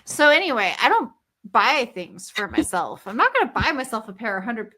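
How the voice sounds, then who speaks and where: A woman co-hosting a podcast in casual chat, animated and swearing casually with frequent laughter. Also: on the high side, moderate pace. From not from the South, Southern family. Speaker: podcast co-host.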